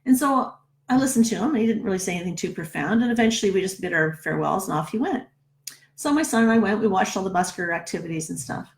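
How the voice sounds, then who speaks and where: A woman's voice: medium pitch, animated, fast. A middle-aged woman, a numerologist, telling a personal story in a casual, chatty way, often checking in with "right?". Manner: chatty, keeps asking "right?".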